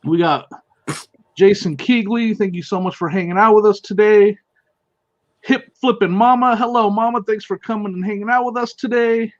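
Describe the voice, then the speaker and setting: Male stream host, high-ish voice, friendly chatter, dry muffled audio. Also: normal speed, pauses often, no echo. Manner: upbeat, greets chat viewers by name, laughs often. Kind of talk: casual live-stream chat.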